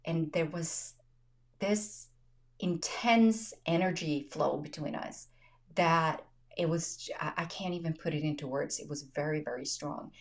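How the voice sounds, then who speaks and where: Lower-voiced woman host telling stories. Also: a little slow. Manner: tells personal stories with quoted dialogue, laughs often. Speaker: podcast host. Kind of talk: casual conversational storytelling.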